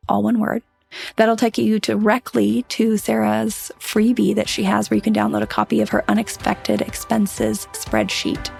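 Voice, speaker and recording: Earnest woman host, gravelly edge. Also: medium pitch, normal speed, darkish tone, no room sound, soft background music. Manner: earnest, reflective, upbeat. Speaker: podcast host. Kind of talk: casual podcast chat and outro.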